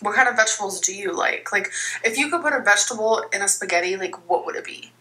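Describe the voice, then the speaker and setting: A woman's voice: mid-range voice, fast, bright, forceful tone, poor audio. A woman chatting casually in a vlog, rambling and giggly. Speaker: vlogger in a played clip.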